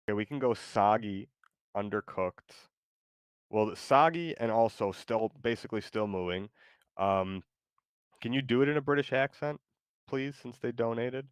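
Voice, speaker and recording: A man hosting a casual stream, talking in a hesitant, rambling way with lots of pauses. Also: mid-range voice, clean tone, no room sound. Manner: hesitant, rambling, many ums. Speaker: streamer host.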